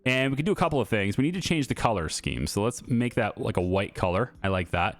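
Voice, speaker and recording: A man's voice: fairly low pitch, expressive, fast talker, faint music behind. A man giving casual gameplay commentary, thinking aloud with fillers and restarts as he builds. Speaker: gaming YouTuber.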